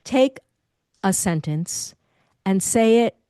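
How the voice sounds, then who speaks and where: A middle-aged woman, a speaking confidence coach, giving lively advice in an interview and demonstrating different voice habits. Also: medium pitch, takes it slowly, smooth, no echo, studio quality.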